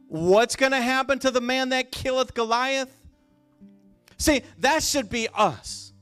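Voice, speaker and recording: A man preaching a sermon with passion, repeating phrases and rising to shouts for emphasis. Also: extremely high pitch, unhurried, clean tone, faint music behind.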